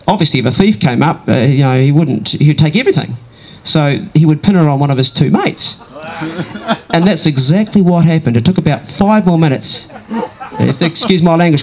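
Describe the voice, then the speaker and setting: A man telling a comic story from his own life to a live audience, conversational with dramatic pauses and wry asides. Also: fairly high pitch, animated, low-quality recording. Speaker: comedic storyteller.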